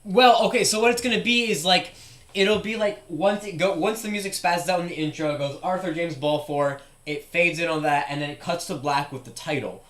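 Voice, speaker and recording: A man's voice: high voice, brisk, fairly bright tone. A young man streaming live, thinking aloud in casual chat with lots of "like" fillers.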